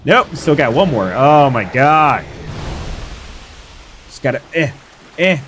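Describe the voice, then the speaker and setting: A man's voice: mid-range voice, slow pace, long pauses, slight background noise. A young man streaming a game live, hyping up his fights and chatting casually with viewers. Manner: excitable, hyped shouts while fighting.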